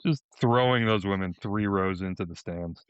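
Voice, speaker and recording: A Boston man co-hosting a podcast tells stories in a rambling, casual way, often restarting his sentences. His low, clear, resonant voice moves at a moderate pace, and the recording is dry and dull lo-fi.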